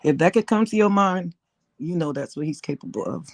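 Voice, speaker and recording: A woman's voice: fairly low pitch, lively intonation, a little fast, no echo. A woman guest on a livestream with a Southern US accent, speaking bluntly and emphatically in support of the host. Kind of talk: casual supportive chat.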